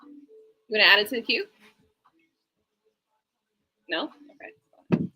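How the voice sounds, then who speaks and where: A woman doing a casual live-stream tarot reading, chatty and animated with laughing asides. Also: medium pitch, slow pace, breathy edge. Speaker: tarot reader. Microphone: streaming setup mic.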